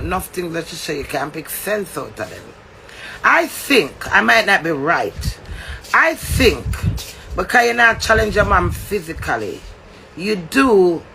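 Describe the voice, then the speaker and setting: Jamaican guy going off in a rant, real gravelly voice, bright and kinda high. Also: a little hiss or hum. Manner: confrontational, swearing, preachy. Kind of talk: heated rant.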